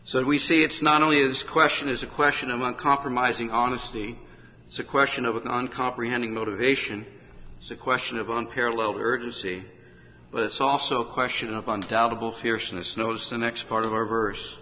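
A man preaching an urgent revival sermon in a large hall, rising to shouts at the climaxes. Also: mid-range voice, level tone, a little fast. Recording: dull, echoey hall with faint noise.

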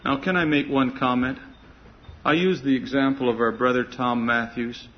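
A man's voice: mid-range voice, fairly even intonation, moderate pace. A man preaching a sermon in an earnest, emphatic way, swelling on key words. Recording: muffled lo-fi recording.

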